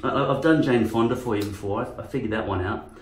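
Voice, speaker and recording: A man's voice: medium pitch, quick pace, slight background noise. Rambling man, sweary. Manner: rambling, swearing, jumping into impressions. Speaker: vlogger. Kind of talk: rambling casual vlog chat. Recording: roomy sound from a distance.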